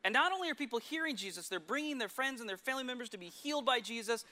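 A man preaching a sermon, retelling scripture stories with lively asides and sudden drops to a hush. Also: very high voice, very fast.

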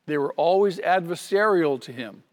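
A man's voice: a little high, lively intonation, normal speed, long reverb tail. A man preaching a sermon as pastor, earnest and emphatic, repeating key phrases for stress.

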